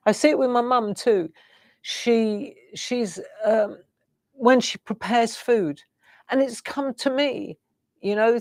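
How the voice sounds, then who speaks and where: A woman's voice: mid-range voice, no room sound, clean studio sound. A middle-aged woman, hosting a live craft show and musing in a rambling, reflective way while tearful. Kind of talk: casual live-stream chat.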